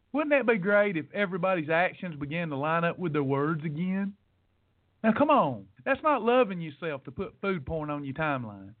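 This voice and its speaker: Brisk and animated, this man's voice sits high as he hosts a weight loss podcast. He scolds his listeners bluntly and repeats points to emphasize them in a preachy motivational rant. The sound is tinny, phone-like, and free of room sound.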